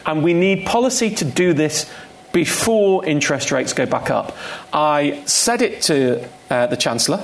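Man, fairly high and gravelly, emphatic guest speaker who hammers points home. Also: animated, a little slow. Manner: emphatic, repeats key points for stress. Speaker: guest speaker, consumer finance campaigner. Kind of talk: live on-stage conversation.

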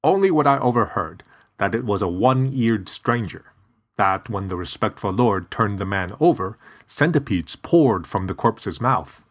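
A man's voice: lively intonation, a little slow. A man voicing a stout, panicky older male reading master who talks in breathless, urgent bursts. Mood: alarmed. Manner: breathless, urgent, high-pitched.

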